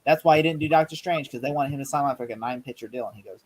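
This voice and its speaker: A man co-hosting a casual movie review chat, rambling excitedly and acting out quotes. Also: mid-range voice, racing, low-quality recording. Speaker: podcast co-host.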